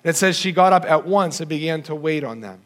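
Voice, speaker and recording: High-voiced man preaching a lively sermon. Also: fast talker. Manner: animated, sweeping between low and high pitch when quoting scripture; audience-addressing with rhetorical questions.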